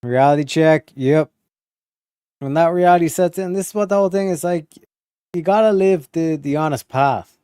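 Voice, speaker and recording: A man's voice: on the high side, moderate pace, warm tone, smooth, dry recording, clean studio sound. A man streaming live, commenting on footage in a blunt, profane, mocking way.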